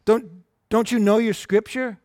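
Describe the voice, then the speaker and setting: A man's voice: high-pitched, fairly even intonation, measured pace, darkish tone, dry recording, clean studio sound. A man teaching a Bible lesson as a sermon, earnest and conversational, often asking the listeners questions.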